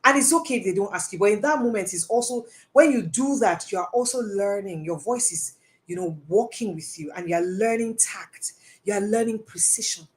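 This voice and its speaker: A woman's voice: mid-range voice, brisk. A woman giving a live talk, answering audience questions in an earnest, emphatic way and repeating phrases for stress. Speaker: personal development speaker.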